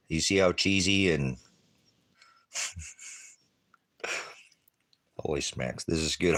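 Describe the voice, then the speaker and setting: A man's voice: extremely low pitch, normal speed, long pauses. A man chatting casually in the desert for an outdoor cooking vlog, talking with his mouth full between bites. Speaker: vlogger.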